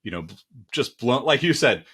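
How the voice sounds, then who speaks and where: A man's voice: medium pitch, sing-song, normal speed, a bit bright, slightly rough. A man hosting an interview, talking in a laid-back way with lots of filler words. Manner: laid-back, many fillers like "like" and "you know". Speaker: interview host. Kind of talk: casual interview chat.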